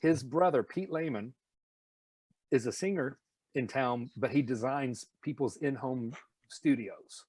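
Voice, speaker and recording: Animated voice actor with a light Tennessee accent. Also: male voice, medium pitch, unhurried, husky, no room sound. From Nashville, Tennessee. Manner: animated, slips into impressions. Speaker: voice actor guest. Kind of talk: casual interview storytelling.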